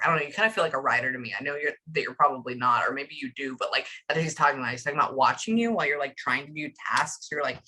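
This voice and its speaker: A woman's voice: very deep voice, pushed and bright, slightly rough. A woman working as a psychic medium, relaying messages in a chatty, emotional reading session full of fillers.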